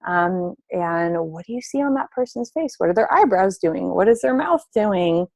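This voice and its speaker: Gentle woman therapist giving a webinar. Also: mid-range voice, lively intonation, normal speed, creaky, no echo. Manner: gentle, explanatory, acts out example dialogues with children. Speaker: family therapist presenting a webinar. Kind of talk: spoken webinar presentation.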